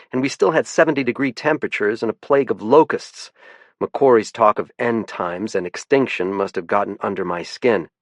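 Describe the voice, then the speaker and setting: A man giving measured, first-person scripted audiobook narration. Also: fairly low pitch, dry recording.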